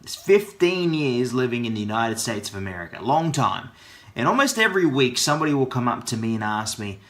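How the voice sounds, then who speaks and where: A man's voice: mid-range voice, very animated, brisk, a bit bright. A man with an Australian accent, casually telling a playful story crammed with Aussie slang. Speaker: vlogger.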